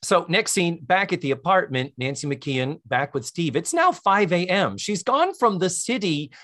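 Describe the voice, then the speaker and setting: A man co-hosting a podcast, recapping a sitcom in casual chat as an animated storyteller. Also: moderate pace. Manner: animated storyteller, sing-song pitch swings. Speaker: podcast co-host.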